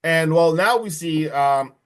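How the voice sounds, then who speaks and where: A man co-hosting a podcast, recapping a movie in an excitable, slangy way full of "dude" and "like". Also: a little high, unhurried, smooth. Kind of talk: casual podcast chat.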